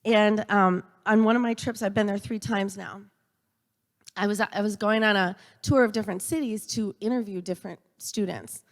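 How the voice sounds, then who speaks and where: A middle-aged woman giving an earnest storytelling speech at a church event, halting now and then with fillers and restarts. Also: mid-range voice, steady tone. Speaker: speaker at a church event for a university. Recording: long church reverb.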